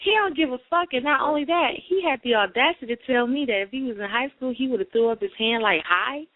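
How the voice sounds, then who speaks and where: A woman's voice: high-pitched, quick pace, no echo. Woman co-host, casual banter, laughs a lot, dry tinny lo-fi sound. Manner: laughs often, playful protesting.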